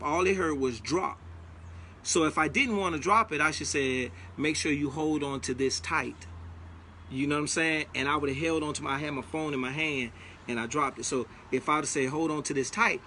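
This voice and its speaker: A man's voice: a little high, bright, forceful tone, slight background noise. A man giving a casual motivational talk, preachy and emphatic, repeating his key lines. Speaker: motivational speaker.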